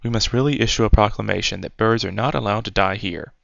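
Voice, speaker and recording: A man's voice: on the low side, fast, gravelly, a bit bright, no room sound. A man voicing a pompous, self-important male town mayor with a fussy manner. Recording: dry, dull lo-fi recording.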